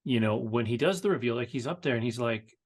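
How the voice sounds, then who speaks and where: A man in an easygoing podcast chat, his voice sitting at an ordinary middle pitch. He stops and restarts his sentences often, searching for words. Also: lively intonation. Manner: halting, lots of fillers and restarts, laid-back. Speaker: podcast co-host. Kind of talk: casual pop-culture chat.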